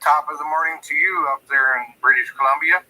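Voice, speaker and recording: A man's voice: a little high, a little fast, sharp tone, slight background noise, low-quality recording. A man on another live stream, friendly, greeting viewers by where they are from.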